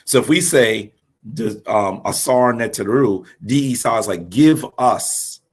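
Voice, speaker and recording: A man speaks in a fairly low voice, taking his time over every phrase in a live-streamed religious teaching. His throat is sore, and he lectures earnestly, often stopping on drawn-out ums. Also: lively intonation, breathy edge.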